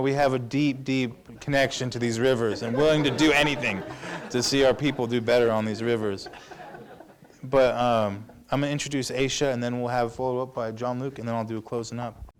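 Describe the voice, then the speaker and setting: A young man moderating a symposium panel, telling a story in a casual, animated way and laughing often. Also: mid-range voice. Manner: laughing, animated, self-deprecating.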